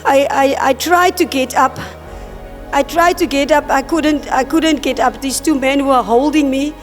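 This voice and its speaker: A woman with a very high voice tells her vision as a testimony. She speaks in halting, repeated phrases and acts out the words she heard. Her voice carries a long reverb from the hall, with soft music underneath. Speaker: church member giving testimony.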